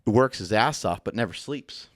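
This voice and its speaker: A man's voice: on the low side, animated, moderate pace, no room sound, clean studio sound. A man hosting a podcast in casual chat, telling rambling, profane stories. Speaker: podcast host.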